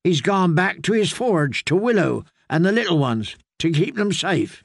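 A man voicing a blunt, hard teenage girl outlaw with rough country grammar in an audiobook. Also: sits high, big pitch swings, normal speed, no echo, studio quality, voice pushed up, full character voice. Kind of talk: audiobook character voice.

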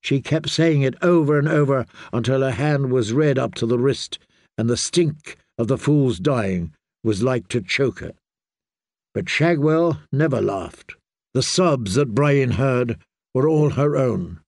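A man narrating an audiobook in a measured, deliberate storytelling manner. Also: mid-range voice, animated, gravelly, darkish tone, dry recording, clean studio sound.

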